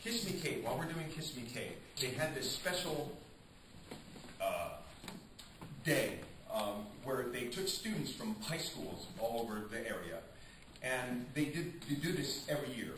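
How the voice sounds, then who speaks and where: Brief: male theater actor, lively storyteller, acts out quotes; roomy, noisy recording. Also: mid-range voice, measured pace. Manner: animated, acts out quotes, frequent restarts. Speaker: stage actor being interviewed. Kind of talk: casual interview storytelling. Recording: echoey room, distant mic, noisy.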